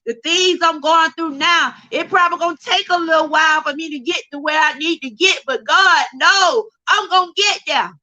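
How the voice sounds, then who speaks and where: A woman's voice: very high voice, moderate pace, hardly any pauses, pushed and bright, low-quality recording. A middle-aged woman giving an emotional, fervent testimony on her livestream, close to tears and calling out to viewers. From Georgia, USA. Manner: fervent, preacher-like, addresses viewers as y'all. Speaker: livestream host.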